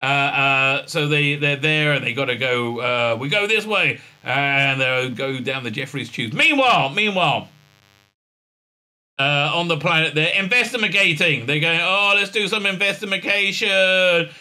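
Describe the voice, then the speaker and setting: A man hosting a sarcastic episode recap, mocking and exasperated, full of halting fillers. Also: mid-range voice, bright, forceful tone, clear, resonant tone. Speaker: show host reviewing a TV episode.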